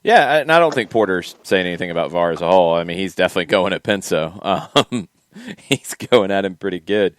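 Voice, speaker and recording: A man co-hosting a casual soccer podcast, emphatic and opinionated, quick to push back. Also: sits low, expressive. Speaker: podcast co-host. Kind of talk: casual sports talk.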